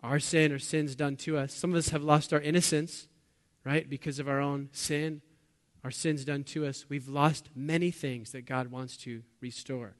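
Animated preaching man, fairly high voice. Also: moderate pace. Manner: animated preaching, swinging from loud bursts to quiet low lines; asks the congregation questions. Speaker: pastor. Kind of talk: sermon.

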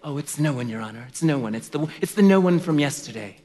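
A man's voice: a little high, lively intonation, fast, mellow, natural voice. A man acting out a snooty court clerk who sneers at a widow. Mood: sneering. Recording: long reverb of a large hall.

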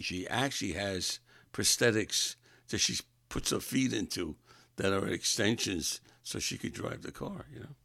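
A man with a low, gravelly voice tells personal anecdotes in a casual, rambling way. His pitch swings widely as he animates the story, and he often stops to correct himself. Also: a bit bright, no echo, clean studio sound. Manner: rambling, self-correcting, chuckling.

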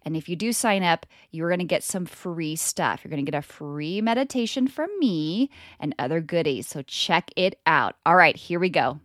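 A woman's voice: lowish voice, animated, normal speed, a bit bright, no echo, clean studio sound. A middle-aged woman from California hosting her own podcast, talking in a bubbly, chatty way with laughs. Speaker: podcast host. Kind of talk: casual solo podcast monologue.

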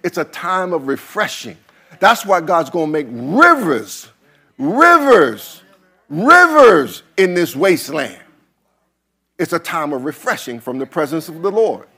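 High, lively preaching pastor. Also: male voice, a little slow, gravelly, slightly rough. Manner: preaches in rising chants and shouts, repeating phrases. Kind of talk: sermon.

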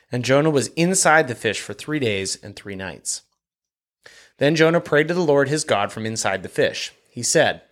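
A man reads scripture aloud in a steady, even reading voice. His pitch sits in an ordinary middle register. For quoted lines he lifts his voice a little, then settles back into calm reading. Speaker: Bible reader.

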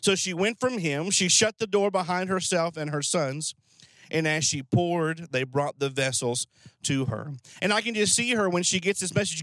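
A man's voice: sits high, expressive, moderate pace, pushed and bright, no echo. A man preaching a conversational sermon, acting out voices of the people in the story. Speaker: pastor.

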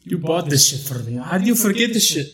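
Guy doing a naggy preachy boyfriend, slow scolding, echoey room. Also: on the high side. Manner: scolding, exasperated. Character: nagging older boyfriend lecturing about wisdom.

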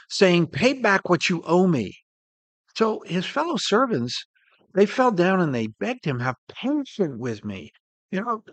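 A man delivers an earnest sermon in a voice pitched a little high. He swells up on key points and drops to a soft hush, and the sound is close and dry with no room behind it. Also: no echo. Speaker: preacher.

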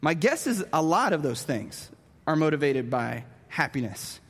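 A man telling a story with animated, self-mocking humor as part of a sermon. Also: on the high side, normal speed, husky. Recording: long reverb of a large hall.

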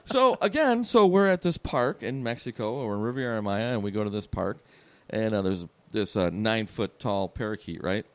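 A man's voice: fairly low pitch, expressive, moderate pace. A man co-hosting a casual podcast, telling profane stories and often breaking into laughter. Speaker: podcast co-host. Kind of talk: casual storytelling.

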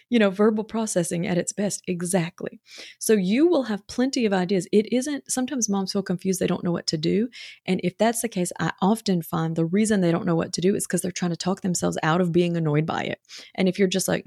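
A woman's voice: mid-range voice, fairly quick, creaky, darkish tone, dry recording. Woman coaching moms, chatty n reassuring, lots of likes and ums, dry close sound. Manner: chatty, filler-heavy, reassuring. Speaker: parenting coach. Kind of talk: casual coaching talk.

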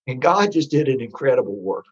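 A man telling his faith testimony in a rambling, halting way, full of restarts. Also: mid-range voice, expressive, breathy edge, dull audio. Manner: rambling, with many restarts and fillers. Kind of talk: storytelling testimony.

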